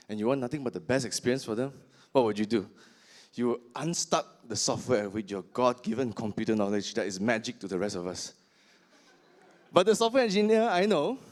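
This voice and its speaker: Guy doing stand-up, pretty high voice, jumps all over the place, punchy jokes. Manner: exaggerated, punchy delivery with big swings. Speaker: stand-up comedian. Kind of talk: stand-up comedy set.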